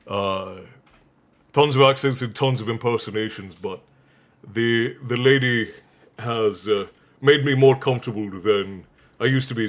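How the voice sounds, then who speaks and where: A man's voice: medium pitch, fairly bright tone. Chatty man hosting a livestream. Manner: chatty, laughs often, reads out viewer messages. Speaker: livestream host. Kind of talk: casual livestream chat.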